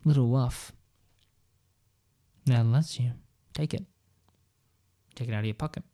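A man's voice: medium pitch, measured pace, dark tone. A man casually telling a rambling story in the second person, with playful asides.

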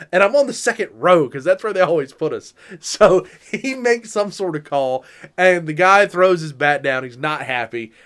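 Animated high-voiced man telling stories. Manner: animated, laughs often, acts out quotes loudly. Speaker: podcast co-host. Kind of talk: casual storytelling chat.

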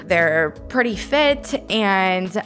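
A woman's voice: medium pitch, lively intonation, drawn-out words, fairly bright tone, soft background music. Emotional young woman telling a story. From Northern California. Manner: emotional, gets choked up. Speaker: radio host. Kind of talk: personal storytelling on air.

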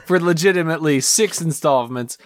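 A man co-hosting a podcast in casual chat, playful and quick to laugh. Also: a little high, dry recording. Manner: animated, laughs often, playful. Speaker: podcast co-host.

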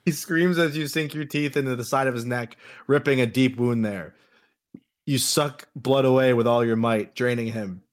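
A man's voice: medium pitch, moderate pace. A man hosting a casual podcast, reading out a choose-your-own-adventure game between jokes with his co-hosts. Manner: reads story passages aloud with laughs and swearing.

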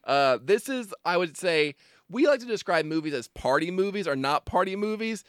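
Lively, laughing male podcast co-host. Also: high-pitched, moderate pace, clear, resonant tone, dry recording, clean studio sound. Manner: jokey, laughs often between words. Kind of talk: casual chat.

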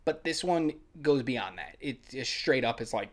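An excitable podcast co-host talks about a film in a loose, rambling way and breaks into laughter often. The voice sits at an ordinary middle pitch. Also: normal speed. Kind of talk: casual film-review chat.

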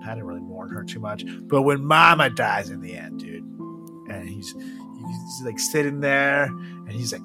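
A young man co-hosting a podcast, chatting casually, joking, swearing and laughing often. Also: mid-range voice. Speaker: podcast co-host. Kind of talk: casual chat.

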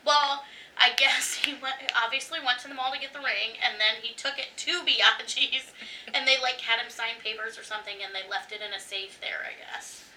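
A high-pitched woman with a piercing, bright voice tells a story in casual chat, animated and quick to swear and laugh. She sounds a little distant from the mic. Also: slight background noise. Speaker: podcast co-host.

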